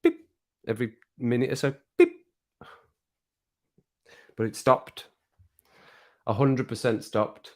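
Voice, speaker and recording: A man's voice: medium pitch, steady tone, normal speed, pauses often. A man with a Black Country accent hosting a casual livestream chat, rambling and chatty and laughing often. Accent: Black Country English. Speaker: livestream host.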